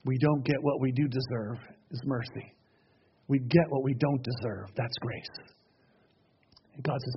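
A man preaching a sermon to a congregation, dropping to a hush and then rising again as he drives his points home. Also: fairly high pitch, normal speed, dull audio, slight background noise. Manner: dramatic, swings between hushed and raised passages.

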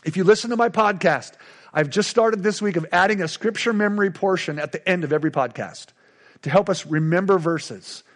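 A man's voice: high voice, a little fast. A middle-aged male pastor preaching a sermon with emphatic, repetitive call-and-response lines.

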